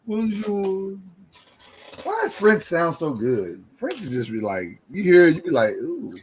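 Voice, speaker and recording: A man with a high voice rants in an animated, joking way. He sounds worn out and tired, co-hosting a relaxed podcast chat. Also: a little slow, slight background noise, rough recording. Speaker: podcast co-host. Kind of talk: casual chat.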